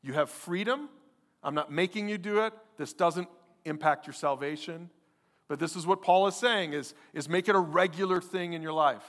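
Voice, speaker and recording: Pastor guy preaching, kinda high voice, chatty and emphatic, big hall echo. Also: normal speed, fairly bright tone. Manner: conversational, emphatic, acts out listeners' objections. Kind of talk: sermon.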